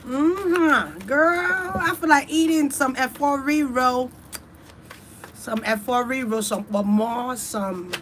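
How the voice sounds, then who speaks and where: A woman's voice: high-pitched, slow pace, noisy background. Profane, chatty woman host. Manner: loose, profane, chatty, talks straight to her audience. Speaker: online reader and host. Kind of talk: casual rambling chat to viewers.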